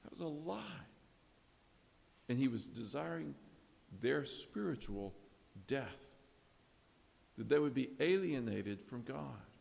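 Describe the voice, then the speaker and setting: A man preaching an expository sermon, earnest and swinging from hushed tones to emphatic ones. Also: mid-range voice, animated, slow, vocal fry, pauses often. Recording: long reverb of a large hall.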